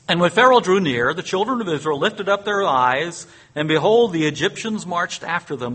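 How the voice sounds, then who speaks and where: Man, sermon, Bible teaching, husky voice, slightly high pitch, chuckles, casual asides. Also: normal speed, few pauses. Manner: reads scripture aloud and dramatizes it with rising excitement, chuckling often; conversational, asides with fillers and self-corrections. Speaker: preacher.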